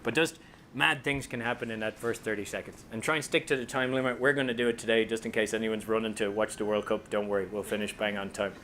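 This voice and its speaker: A man's voice: fairly low pitch, fast talker, a little hiss or hum. Joking Irish man giving a talk. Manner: animated and joking, slips into voices for quotes. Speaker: speaker and author. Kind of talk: comedic presentation to an audience. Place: company talk room with a live audience.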